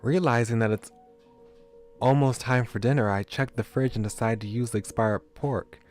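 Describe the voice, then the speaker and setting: A man's voice: medium pitch, fairly even intonation, normal speed, darkish tone, faint music behind. A man reading a visual novel aloud, chatty and self-deprecating, his voice getting scratchy. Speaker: streamer.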